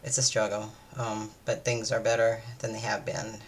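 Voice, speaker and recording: A woman's voice: very deep voice, flat delivery, moderate pace, breathy edge. A tired woman, chatting casually in a vlog, meandering and hesitant, with many fillers and restarts. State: weary, low-energy. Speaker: vlogger. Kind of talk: casual day-in-my-life chat.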